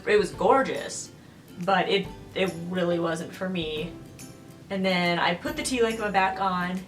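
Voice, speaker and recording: A woman in her twenties chatting casually in a vlog, rambling with lots of "like" and "um". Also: mid-range voice. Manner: rambling, full of "like" and "um". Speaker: vlogger. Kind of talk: casual chat. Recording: roomy echo, distant from the mic, faint music.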